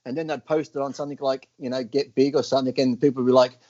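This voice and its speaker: A man co-hosting a podcast, telling animated stories in casual chat and laughing often. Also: medium pitch, rapid-fire, highs cut off. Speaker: podcast co-host.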